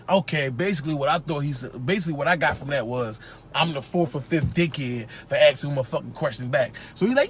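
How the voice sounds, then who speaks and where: A man with a Philadelphia accent who tells a comic story on a live stream, profane and animated, on a phone held at arm's length. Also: on the high side, a little fast, slightly rough. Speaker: social media personality.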